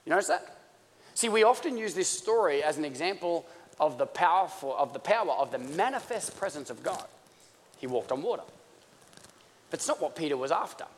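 A man's voice: on the high side, very animated, brisk. A man from Australia preaching a sermon in a conversational, joking manner that builds toward fervor. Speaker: pastor. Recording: long church-hall reverb.

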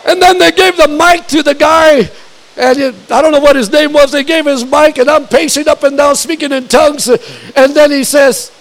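An older male pastor with a strikingly high voice preaches a fiery sermon. He tells personal stories in a quick conversational way, then builds to shouted declarations. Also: steady tone.

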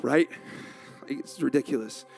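A man's voice: mid-range voice, measured pace, gravelly, darkish tone, faint music behind. A male pastor preaching a sermon, telling a self-mocking story with frequent laughter.

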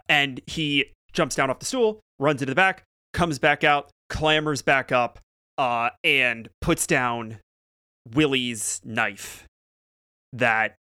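A man running a tabletop game as game master, narrating in a relaxed, joking way. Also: mid-range voice, clear, resonant tone, dry recording, clean studio sound.

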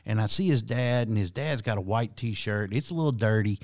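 This casual storytelling comes from a podcast host with a fairly low voice who talks fairly quickly. His long story rambles, is full of profanity, and keeps restarting.

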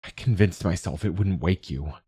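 A man voicing a gentle, protective father who speaks softly and carries guilt. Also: low-pitched, moderate pace, husky, dry recording, clean studio sound. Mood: remorseful. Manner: gentle and hushed.

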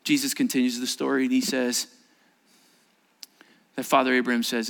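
A man's voice: medium pitch, level tone, normal speed, gravelly, pauses often. Solemn male pastor preaching. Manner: solemn, rising to forceful emphasis on quotations. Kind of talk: sermon.

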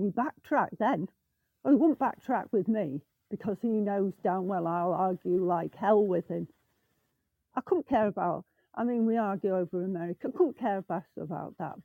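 A woman's voice: mid-range voice, no room sound, phone-quality sound. A woman from England calling in to a casual chat show, indignantly venting.

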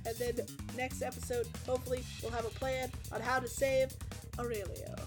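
High-voiced young woman recapping with profanity. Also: level tone, over music. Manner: fast, profane, giggly recap with quoted voices. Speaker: player recapping a tabletop game. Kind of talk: casual chat.

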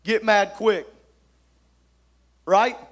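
A man preaching a sermon, emphatic, swinging from shouted lines to soft asides. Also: high voice, very slow.

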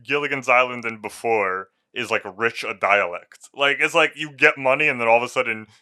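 A man's voice: medium pitch, brisk, clear, resonant tone. A man co-hosting a movie review podcast in casual chat, ranting and swearing freely. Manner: profane, ranting, animated. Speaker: podcast co-host.

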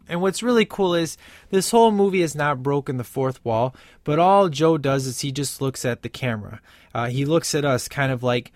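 A man with a mid-range voice gives a casual spoken film review at normal speed, recorded dry with clean studio sound. He rambles with lots of "uh" and "you know" and quotes lines from the movie.

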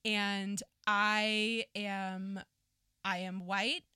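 A woman's voice: medium pitch, little pitch movement, very slow, sharp tone, clean tone, no room sound, studio quality. An American woman in her thirties, a podcast guest chatting casually and animatedly with lots of fillers. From United States.

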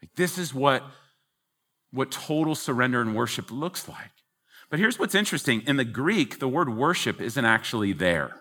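Man preaching a sermon, bright clear voice, kinda high, earnest and emphatic. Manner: earnest, emphatic, teaching from scripture. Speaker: pastor.

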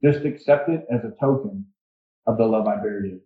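A grieving old pearl diver speaks slowly and earnestly, as a preacher reads him in a story. The sound is dull and echoey, like a church recording with mic trouble. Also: male voice, lowish voice, natural voice.

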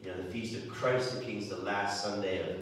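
A man's voice: lowish voice, steady tone, a little fast. A man giving a homily, talking conversationally and often repeating words as he restarts. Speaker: preacher. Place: church. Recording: echoey church from far off.

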